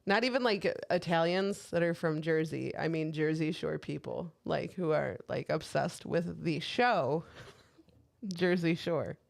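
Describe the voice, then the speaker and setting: Low-voiced, rambling woman co-host. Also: a little slow, creaky, no echo. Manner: rambling, lots of "like", laughs. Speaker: podcast co-host. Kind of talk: casual chat.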